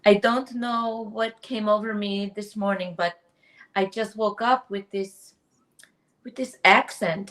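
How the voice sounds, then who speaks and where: A woman playing a prim, sociable alter ego who speaks in a made-up accent that is hard to place. She lays out her hobbies in a slow, unhurried, formal way, as if reading a personal ad, and keeps an even pitch. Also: lightly acted.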